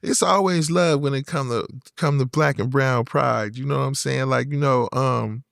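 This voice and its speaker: A man's voice: mid-range voice, moderate pace, vocal fry, fairly bright tone, dry recording, clean studio sound. A man in his fifties from Oakland with a Bay Area accent, telling stories in a laid-back way, full of "you know what I'm saying" and acted-out voices. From Oakland, California. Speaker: guest rapper. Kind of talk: casual storytelling.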